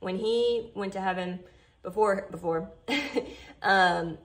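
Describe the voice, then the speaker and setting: A woman's voice: mid-range voice, slow pace. A woman chatting heartfelt to her followers in a casual vlog, full of "like" and "you know". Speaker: vlogger.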